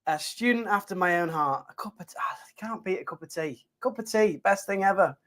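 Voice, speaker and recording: A man's voice: high voice, brisk, fairly bright tone. A male geography teacher with a Yorkshire accent, chatting casually and upbeat to students on a live stream, full of fillers and restarts.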